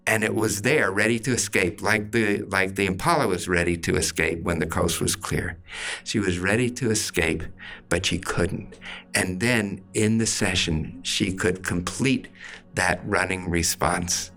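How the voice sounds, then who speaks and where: Older male therapist, deep creaky voice, slow deliberate storyteller. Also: fairly bright tone. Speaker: therapist and author. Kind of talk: storytelling in an interview.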